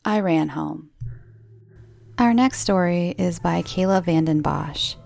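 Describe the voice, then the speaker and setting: A woman's voice: on the low side, measured pace, gravelly, mellow, soft background music. A woman host reading listeners' true horror stories aloud, with wry, swearing asides. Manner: wry, swearing asides between story lines. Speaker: horror story narrator.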